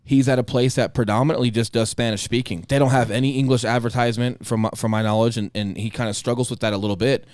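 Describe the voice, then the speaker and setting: A man's voice: mid-range voice, fairly even intonation, fast talker, few pauses, darkish tone, dry recording, studio quality. A man in his thirties co-hosting a podcast, telling a blunt, profane story in casual chat and acting out the voices of the people in it. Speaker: podcast co-host.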